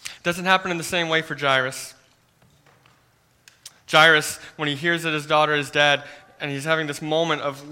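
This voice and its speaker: Male pastor, sermon, bright clear tone, earnest, soft hushed passages, repeats words. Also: on the high side, steady tone, normal speed, long pauses. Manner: earnest, often drops to a soft hush; repeats words when starting phrases.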